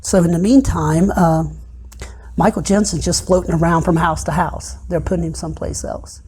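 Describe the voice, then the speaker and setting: A middle-aged man giving a personal testimony in an interview, retelling events haltingly with many pauses and often dropping soft and low. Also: fairly even intonation, slightly rough. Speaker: interview guest.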